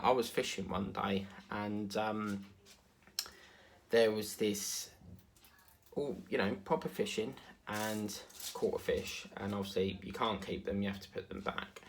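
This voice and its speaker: A man's voice: lowish voice, steady tone, takes it slowly, creaky, slight background noise. A man with an Essex accent tinged with South African, chatting casually and rambling while he works on a craft. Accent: Essex with some South African. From England. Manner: meandering, chatty, many fillers and asides. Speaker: diamond painting vlogger.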